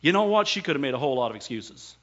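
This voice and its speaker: A man's voice: medium pitch, big pitch swings, very fast, fairly bright tone, muffled recording. A man preaching a sermon, asking the congregation rhetorical questions and pressing his points with emphasis. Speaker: pastor.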